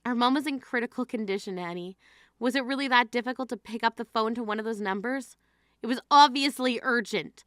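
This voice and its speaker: Woman doing a fed-up grieving sister, high bright voice, scolding hard, dry close mic. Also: dry recording, natural voice. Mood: stern. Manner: scolding, exasperated. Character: grieving adult sister, stern and indignant. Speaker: voice actor in a text-message drama. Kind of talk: dramatized text-message reading.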